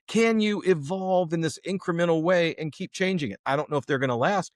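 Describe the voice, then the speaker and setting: Animated man telling stories in dry sound. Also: fairly high pitch, a little fast, no room sound. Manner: animated storyteller who acts out examples. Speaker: podcast co-host. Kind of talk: casual conversation.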